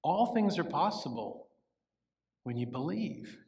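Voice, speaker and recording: A pastor voicing a weary, commanding Jesus. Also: male voice, on the high side, sing-song, slow pace, vocal fry, darkish tone, recorded from a distance, heavily acted. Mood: emphatic. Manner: questioning, emphatic. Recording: echoey church sanctuary with long reverb.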